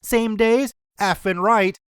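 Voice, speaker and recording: A man's voice: high-pitched, fairly even intonation, takes it slowly, a bit bright, clean tone, no echo, clean studio sound, voice pushed up. A man voicing a drunk, foul-mouthed Belfast man on the phone, slurred and belligerent, in an attempted Belfast accent. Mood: pleased.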